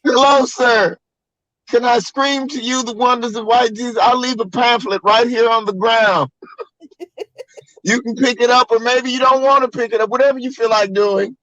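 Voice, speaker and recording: A man putting on a voice for a pushy door-to-door preacher, loud and mock-polite. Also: extremely high pitch, steady tone, moderate pace, no echo, voice pushed up, poor audio.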